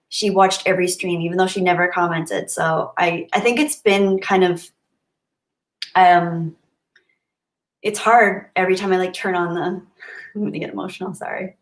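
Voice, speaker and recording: A young woman with a lowish, fairly flat voice speaks at a measured pace in a roomy-sounding space. She's live-streaming, reading viewer comments aloud and thanking people, her warm gratitude sometimes turning softly emotional.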